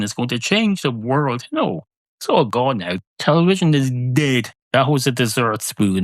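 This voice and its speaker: A man with an Irish accent hosting a solo comic podcast, wandering through absurd tangents in a deadpan way. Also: mid-range voice, no room sound. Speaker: podcast host.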